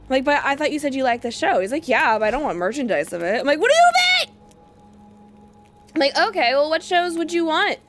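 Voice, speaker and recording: A young woman streaming a game, chatting casually in animated, laughing rants. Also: high-pitched, fast, few pauses, over loud music. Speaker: gaming streamer. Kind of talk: casual let's-play chat.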